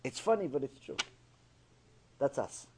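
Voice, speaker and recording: A man's voice: mid-range voice, measured pace, background noise. A man giving a mussar lecture on Torah ethics, telling jokes and acting out characters as he teaches. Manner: animated storyteller, jokes, acts out characters.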